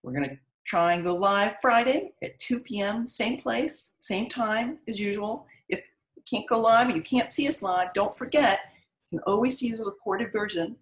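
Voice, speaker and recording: A woman's voice: mid-range voice, moderate pace, low-quality recording. A middle-aged woman, an author reading her story aloud expressively and then chatting with viewers of a live stream.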